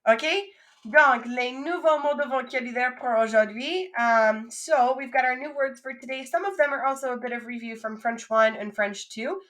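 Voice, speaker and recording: A young adult woman teaching a French vocabulary lesson, modelling each word slowly and coaxing her students to repeat after her. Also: sits high, a bit bright. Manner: slow, drawn-out modelling of each French word, then quick English asides.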